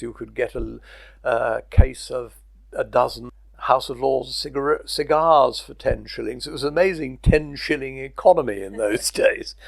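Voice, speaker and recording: A man's voice: mid-range voice, gravelly, no room sound. An older man recalling his career in an oral history interview, telling stories with chuckles. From Britain. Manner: anecdotal, chuckling storyteller.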